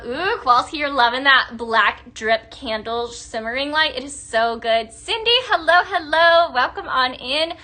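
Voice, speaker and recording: Young woman, live-stream host; bubbly, gushing, chatty; bright, slightly high voice. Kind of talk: live-stream product demo.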